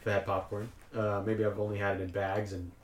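Lowish-voiced young guy on a podcast, lively and laughy, echoey room. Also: brisk. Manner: animated, laughs while telling stories. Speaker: podcast co-host. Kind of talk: casual chat about a film. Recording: roomy echo.

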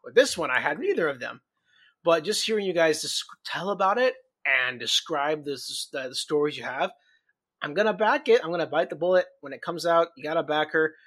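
A man's voice: on the high side, animated, fairly quick, fairly bright tone. A man hosting a casual podcast chat, eager and often restarting his sentences. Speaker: podcast host.

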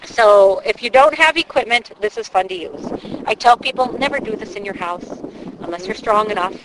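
A woman guide chats about ghost hunting in a lively, storytelling way. She is outdoors near a waterfront, and faint traffic and open-air ambience sit behind her voice. Her pitch is middling for a woman. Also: moderate pace. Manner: chatty, animated storyteller. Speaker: paranormal investigator guide. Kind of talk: casual explanatory chat.

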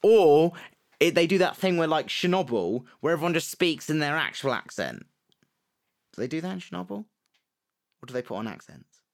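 A man's voice: on the high side, very animated, moderate pace, gravelly, long pauses. A young man co-hosting a podcast, talking in a loose, rambling way and swearing. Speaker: podcast co-host. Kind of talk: casual chat.

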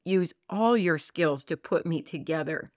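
A woman co-hosting a Christian podcast, talking earnestly and reading scripture slowly and expressively. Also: deep voice, a little mellow, no room sound, studio quality. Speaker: podcast co-host.

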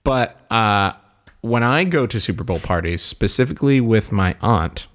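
A man's voice: lowish voice, expressive, normal speed. Playful podcast co-host man. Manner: playful, joking, laughs often. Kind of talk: casual chat.

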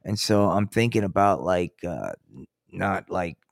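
A man's voice: low voice, lively intonation, measured pace, creaky, no echo, clean studio sound. An older man hosting a podcast, rambling through a casual, profane monologue full of restarts. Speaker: podcast host. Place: Colorado.

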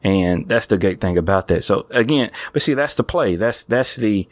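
A man in casual conversation, talking thoughtfully and haltingly with many fillers. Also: lowish voice, animated, no room sound. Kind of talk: casual chat.

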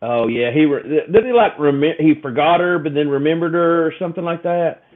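A man's voice: on the high side, fairly quick. A man talks casually on a podcast, emotional and rambling, full of restarts and fillers. His voice comes through thin and tinny, like a phone line. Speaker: podcast co-host. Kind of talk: casual chat.

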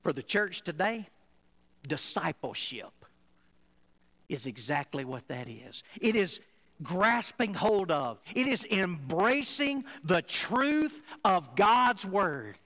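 High-voiced pastor preaching, bright tone, big loud-soft swings. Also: male voice, sing-song, slow pace, rough recording. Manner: emphatic preaching with wide swings from loud to quiet. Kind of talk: sermon.

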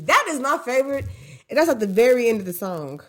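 Woman host, fairly high voice, casual profane song commentary, emphatic and reflective. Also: very animated, fast. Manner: reflective, with restarts and self-questioning.

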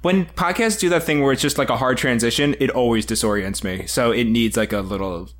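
A man guesting on a podcast, chatting casually with rambling, quick-witted teasing. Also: mid-range voice, fairly bright tone.

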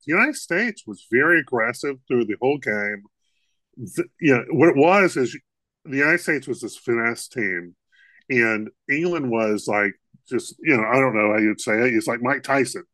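A man's voice: mid-range voice, pushed and bright, no echo. A man co-hosting a podcast in casual comedic chat, rambling and laughing often. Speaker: podcast co-host.

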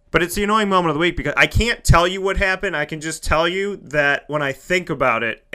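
A man with a high, bright voice talks through an excited, casual monologue as an entertainment broadcaster. He is animated and emphatic, swinging his delivery dramatically from hushed to loud. The tone is crisp and forward throughout. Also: fairly quick. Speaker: broadcaster and entertainment show host.

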